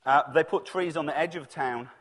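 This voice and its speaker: A man's voice: a little high, normal speed, a bit bright. A man preaching a sermon in a conversational storytelling manner, acting out the voices he quotes.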